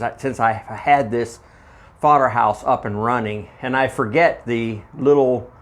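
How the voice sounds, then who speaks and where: A man walking through his homestead project in a casual how-to video, rambling and correcting himself as he goes, holding a handheld microphone. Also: mid-range voice. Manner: rambling, halting, with frequent uhs and self-corrections. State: out of breath. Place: outdoor homestead fodder house.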